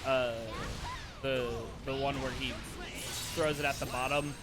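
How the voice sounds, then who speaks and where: A man streaming a fighting game with a friend, explaining things in a halting, stammering way and laughing often. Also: mid-range voice, level tone, music in the background. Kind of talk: casual gaming chat.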